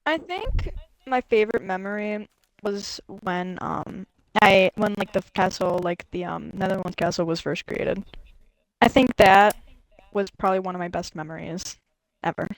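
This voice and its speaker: A teenage girl chatting as a guest, hesitant and halting with fillers. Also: medium pitch, no room sound, poor audio. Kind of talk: casual chat.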